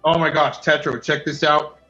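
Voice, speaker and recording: A man's voice: fairly high pitch, fairly even intonation, normal speed, bright, forceful tone. A man in casual chat who rambles and keeps exclaiming. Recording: muffled lo-fi with faint music.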